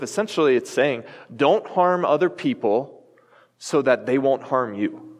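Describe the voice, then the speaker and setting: A man stands before a congregation and preaches with earnest emphasis, his voice sitting at an ordinary middle pitch. He works through his points steadily and now and then drops in a light aside. The sound carries the long, lingering reverb of a large church sanctuary. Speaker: pastor. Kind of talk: sermon.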